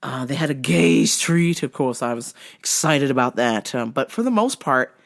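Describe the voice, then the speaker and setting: A man's voice: mid-range voice, lively intonation, moderate pace, gravelly. A man hosting a podcast, telling a casual travel recap in a profane, rambling way with lots of fillers. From United States. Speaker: podcast host.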